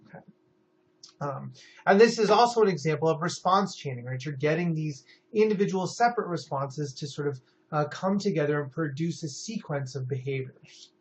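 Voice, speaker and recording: A man's voice: a little high, lively intonation, moderate pace, poor audio. A man in his thirties giving a psychology lecture in a conversational way, often checking in with "right?". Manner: conversational, many fillers and "right?" tags.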